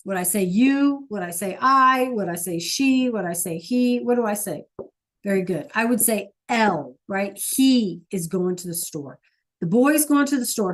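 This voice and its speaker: A woman teaching an online Spanish class, patient and coaxing, asking students question after question over a computer mic. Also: mid-range voice.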